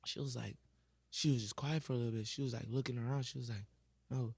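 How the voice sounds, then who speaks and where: A man who is a guest on a podcast, telling a classroom story in an animated, casual way and acting out the voices. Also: medium pitch, fast, vocal fry, slightly rough, no room sound.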